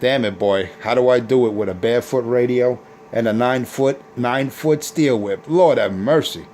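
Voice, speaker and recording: A man's voice: mid-range voice, moderate pace, background noise. A man on a CB radio taunting rival operators in a boastful, repetitive way. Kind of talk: trash-talking radio banter.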